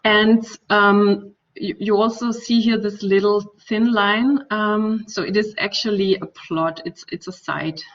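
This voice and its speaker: A woman's voice: medium pitch, steady tone, measured pace, few pauses. A woman with a Danish accent, a native Danish speaker, giving an academic architecture talk with many fillers and restarts. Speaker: architecture lecturer. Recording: distant dull lo-fi recording.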